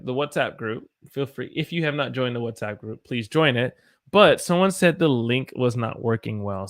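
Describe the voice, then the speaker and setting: A man's voice: mid-range voice, fairly bright tone. Chatty American man teaching English live. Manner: chatty, answers viewer comments as he teaches; stops to self-correct and search for examples. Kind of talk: live-streamed English lesson.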